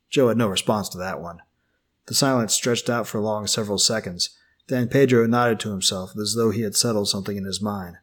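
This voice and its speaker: A male audiobook narrator with a husky, slightly raspy voice. His voice sits low, and he reads in a steady, expressive manner. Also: a little fast.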